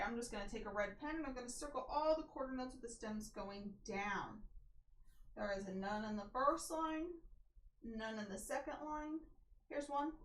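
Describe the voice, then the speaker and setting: A woman with a slightly high voice talks slowly and chattily as she works through answers in a music theory workbook. The room sounds echoey, with a faint noise underneath. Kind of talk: casual walkthrough of a theory workbook.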